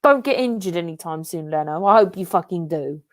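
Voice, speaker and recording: A woman's voice: fairly low pitch, animated, a little fast, no echo, clean studio sound. A young woman co-hosting a football watch-along, ranting and swearing at the match. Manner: swearing, explosive outbursts at the match. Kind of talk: live watch-along chat.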